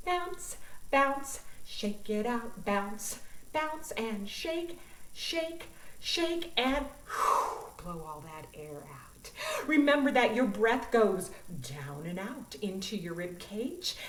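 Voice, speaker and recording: A woman directing a children's choir in an upbeat online music lesson, talking in an animated, expressive way. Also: medium pitch. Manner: animated, expressive, demonstrates voice sounds. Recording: roomy, from a distance.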